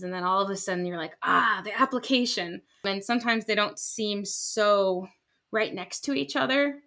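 A woman scientist in her thirties, explaining her research in lively casual conversation and acting out quoted voices. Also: medium pitch. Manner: animated, acts out quoted voices. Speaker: scientist guest.

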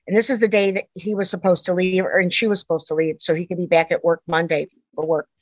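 Low-voiced middle-aged woman telling a story. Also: fairly even intonation, quick pace, no room sound, low-quality recording. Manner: earnest, rambling retelling that jumps back and forth in time. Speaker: interviewee, a mother telling her daughter's story. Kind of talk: personal storytelling.

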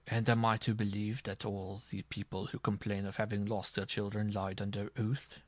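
A man plays a stern courtroom judge in a read-aloud story, speaking with ominous calm. His voice sits low and quiet, never raised. The sound is dry, with no room around it. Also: normal speed, dry recording, lightly acted.

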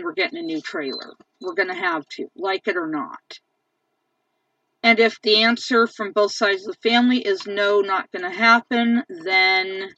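A woman rants in a long angry monologue, repeating herself and swearing for emphasis. Her voice is high and bright with a tense edge. It is recorded dry, from a distance, with a dull lo-fi sound. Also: no room sound. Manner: angry, repetitive ranting; profane, emphatic. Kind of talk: venting monologue.

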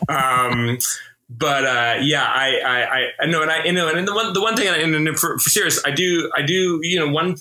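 A man comedian hosting a podcast, talking openly in a halting way with many restarts. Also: fairly high pitch, bright, forceful tone, slight background noise, low-quality recording. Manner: halting, full of restarts and fillers. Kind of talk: casual podcast chat.

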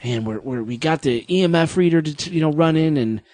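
A man's voice: fairly high pitch, fairly quick, darkish tone, no room sound. A man hosting a casual group podcast, telling a travel story and acting out the people he met. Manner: storytelling, acts out quoted people. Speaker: podcast host.

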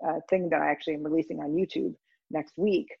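A woman guest in an interview, telling stories in a rambling, animated way. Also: deep voice, quick pace, vocal fry, slightly rough, dry recording, dull audio. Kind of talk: conversational storytelling.

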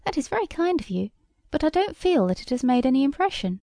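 A woman's voice: high-pitched, sing-song, quick pace, dark tone, no room sound, voice pushed up. A woman voicing a small, solemn boy who speaks in a prim, formal way. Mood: polite. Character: small crying boy, solemn and overly polite.

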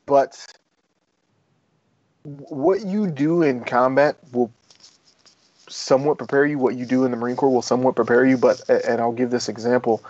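A man's voice: mid-range voice, dull audio. Man ex-Marine firefighter, loose and profane. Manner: rambling, profane, animated when retelling stories. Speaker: guest, former Marine turned firefighter. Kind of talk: casual interview storytelling.

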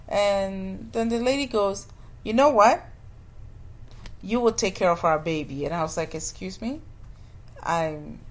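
A woman who runs a childcare business, casually telling a story in an animated way and acting out the people she quotes. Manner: animated, acts out quoted people with jumps in pitch.

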